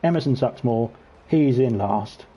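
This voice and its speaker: A man's voice: medium pitch, unhurried, breathy edge, muffled recording. Chatty British man hosting a race stream. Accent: British English. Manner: chatty, teasing, lively when racing action picks up. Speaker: league race host and commentator. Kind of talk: casual sim-racing stream commentary. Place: home gaming setup.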